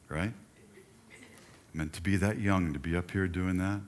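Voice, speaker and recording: A man's voice: low voice, measured pace, long pauses. An older man preaching a sermon in a church, talking conversationally and turning to chat with the congregation. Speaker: pastor. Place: church sanctuary.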